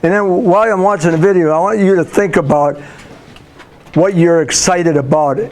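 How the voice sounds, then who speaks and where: A man's voice: high-pitched, normal speed, a little mellow. A man in his sixties, a school counselor, telling folksy stories with fillers and restarts as a guest speaker in a classroom. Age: 60s. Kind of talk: motivational talk to students.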